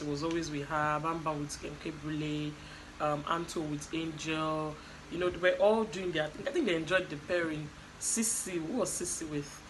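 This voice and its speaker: A woman's voice: on the low side, slight background noise, low-quality recording. A woman casually recapping a reality show, chatty, with fillers and quoted asides.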